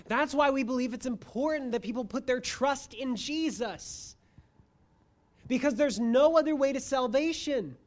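A preacher giving a sermon, moving between quiet asides and loud emphasis and asking the listeners rhetorical questions. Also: sits high, unhurried. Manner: addresses listeners as friends, asks rhetorical questions.

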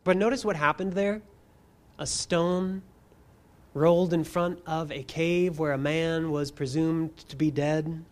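A preacher giving a sermon, moving between quiet asides and loud emphasis and asking the listeners rhetorical questions. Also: medium pitch, fairly even intonation, a little slow. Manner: addresses listeners as friends, asks rhetorical questions.

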